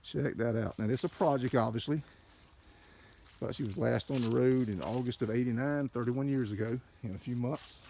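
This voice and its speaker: An older man, a car dealer, giving an excited, folksy walkaround and talking to viewers as folks, recorded on a handheld camera mic. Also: medium pitch, normal speed, vocal fry, a little hiss or hum. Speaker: classic car dealer showing a car. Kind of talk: casual walkaround narration.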